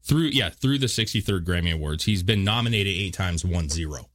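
Man, podcast co-host, lowish voice, blunt, lots of swearing, casual chat. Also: animated, brisk, a bit bright.

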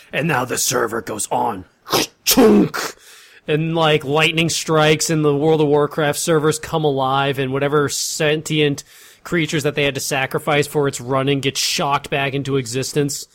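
A man's voice: a little high, steady tone, moderate pace, fairly bright tone. A young man with a Boston accent, co-hosting a casual podcast with rambling comic riffs and lots of filler words. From Boston area, US East Coast. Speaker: podcast co-host.

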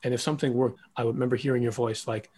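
A man interviewing a former mentor in a relaxed, self-deprecating way, with many fillers like "like" and "um". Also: medium pitch, very fast, husky. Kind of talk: casual conversational interview.

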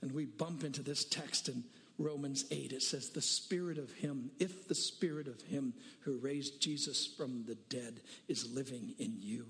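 A man's voice: a little high, lively intonation, a little slow, fairly bright tone, long reverb tail. A man preaching a sermon, telling a story with voices for each person and daring listeners to pray honestly. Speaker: pastor.

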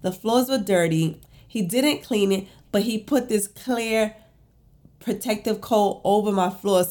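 A woman's voice: mid-range voice, a little slow. A woman hosting her own show, telling a personal story in a casual, chatty way with lots of fillers. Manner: chatty, many fillers, animated retelling; self-described emotional and empathetic. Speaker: podcast host.

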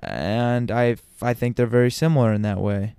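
A man's voice: medium pitch, fairly even intonation, moderate pace, dark tone, smooth. A man talking casually to his audience as a commentator, opinionated, with frequent ums and restarts. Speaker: sports commentator. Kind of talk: casual basketball talk.

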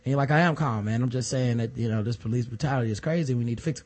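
A man co-hosting a casual news discussion podcast, talking in an animated way and acting out the voices of people he quotes. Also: medium pitch, racing. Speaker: podcast co-host.

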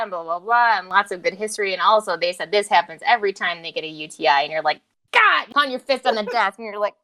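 A woman co-hosting a casual chat, telling work stories with lots of laughter and acted-out quotes. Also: medium pitch. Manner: animated storytelling, acts out quotes, laughs often. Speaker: podcast co-host, clinician.

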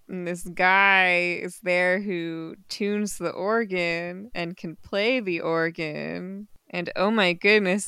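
A woman with a lowish, sharp, clean-toned voice co-hosts a podcast, recapping a comic in relaxed chat full of unsure asides and easy laughter. The recording has no room sound.

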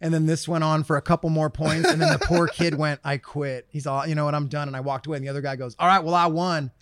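A man's voice: a little high, racing, no echo, studio quality. A man telling a funny story in casual chat, acting out the people in it. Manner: animated storyteller, acts out quotes. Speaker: podcast co-host.

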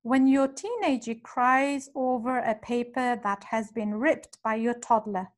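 A woman's voice: fairly high pitch, unhurried. A woman hosting a religious parenting talk, speaking earnestly and instructively and addressing her listeners directly. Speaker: podcast host and parenting speaker.

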